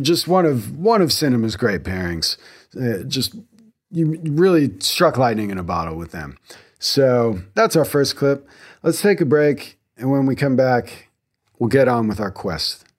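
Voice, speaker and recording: A man hosting a podcast in casual, rambling chat, full of restarts and little jokes. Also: mid-range voice. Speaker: podcast host.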